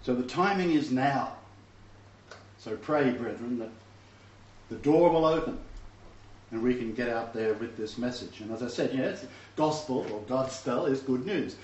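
A man with a medium-pitched, slightly mellow voice preaches a teaching sermon to a messianic congregation, unhurried and with long pauses. He's emphatic and often asks rhetorical questions; the recording is distant, roomy, and dull with faint background noise.

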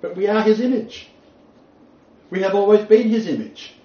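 A man's voice: high voice, normal speed, dark tone. A man teaching a Bible lecture to a small group, speaking emphatically and repeating his key phrases for weight. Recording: roomy, distant, dull lo-fi recording.

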